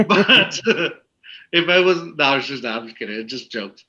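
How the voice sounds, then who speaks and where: A man co-hosting a laid-back podcast, talking in loose, rambling sentences full of fillers. His voice is bright and forceful. The audio is slightly muffled and lo-fi. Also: medium pitch, sing-song, unhurried. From Texas. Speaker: podcast co-host. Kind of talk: casual podcast interview.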